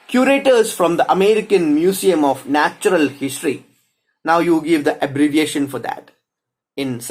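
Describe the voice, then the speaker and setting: Man explaining punctuation, slightly high voice. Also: rough recording. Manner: reads example sentences aloud, speaking punctuation marks; halting, with small restarts. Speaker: teacher. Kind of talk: explanatory lecture.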